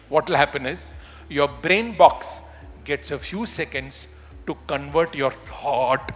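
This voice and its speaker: A man with an Indian English accent giving an animated, demonstrative conference talk on voice and communication, with touches of humor. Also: a little high. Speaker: voice and communication trainer. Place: large event hall. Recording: hall with long reverb, faint music.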